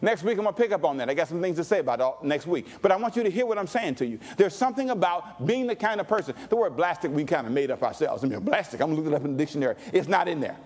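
A male pastor preaching a sermon with call-and-response, dropping to low asides and rising to shouts. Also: animated, rapid-fire, few pauses.

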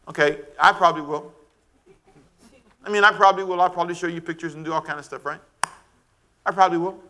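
Middle-aged preacher guy, high pitched, shouty and animated sermon. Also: quick pace. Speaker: pastor.

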